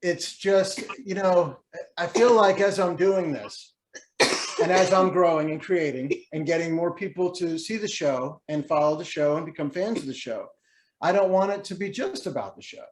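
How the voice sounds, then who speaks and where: A man's voice: a little high, normal speed, slight background noise. Rambling man in a roomy space. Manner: reflective, rambling, laughs easily. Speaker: guest, creator of an animated show. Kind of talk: casual video-call interview. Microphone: video call.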